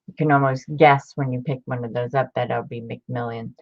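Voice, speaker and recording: A low-pitched woman chats through a casual show-and-tell of her book collection, gushing as she goes. The sound is a little dull and lo-fi. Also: fairly even intonation, fairly quick. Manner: chatty, gushing over finds.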